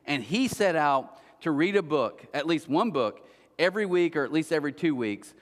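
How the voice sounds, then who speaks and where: A middle-aged male pastor preaching in a casual, story-driven way and poking fun at himself. His voice sits high for a man and swings all over as he talks. His words ring out with a long reverb through a church auditorium. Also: moderate pace. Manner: animated storyteller with self-mocking humor, talks straight to listeners. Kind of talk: conversational sermon.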